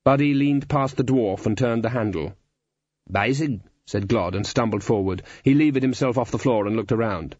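Casting: wry male narrator, mid pitch, dry and muffled audiobook. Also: brisk, hardly any pauses, darkish tone, dry recording. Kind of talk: storybook narration.

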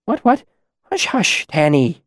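A man voicing a gentle, patient male caretaker in an audiobook, speaking in a soothing murmur. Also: high voice, sing-song, moderate pace, no room sound, studio quality, voice pushed up. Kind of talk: audiobook character voice.

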